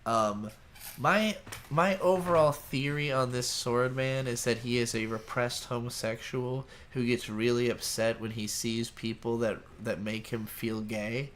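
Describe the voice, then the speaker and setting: A man's voice: medium pitch, steady tone, measured pace, fairly bright tone, a little hiss or hum. Rambling, crude-joking male podcast host. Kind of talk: casual anime discussion.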